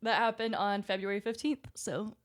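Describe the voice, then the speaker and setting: A woman with a mid-range voice co-hosting a laid-back podcast, talkative and quick to giggle. She sounds jittery and restless, her thoughts tumbling out loosely. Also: mid-range voice, level tone. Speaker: podcast co-host. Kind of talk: casual chat.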